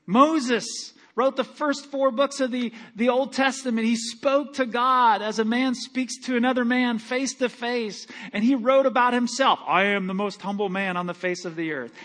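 A middle-aged pastor delivers his sermon in a notably high male voice. He talks like a good old country boy, folksy and animated, slipping into quiet asides before building to loud, urgent climaxes. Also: moderate pace, few pauses. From Michigan. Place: church sanctuary.

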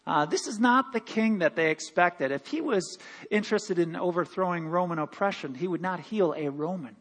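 Male pastor, high voice, animated sermon delivery, long hall reverb. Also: normal speed. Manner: animated preaching with laughs and quoted voices. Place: church sanctuary.

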